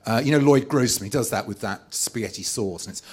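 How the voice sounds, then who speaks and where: A man at a live comedy event reads out his complaints one after another in a dry, sardonic tone. His voice sits at an ordinary middle pitch, and he delivers the barbs flatly, as if ticking items off a list. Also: fast talker. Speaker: author reading from his book. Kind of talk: live stand-up reading of a list.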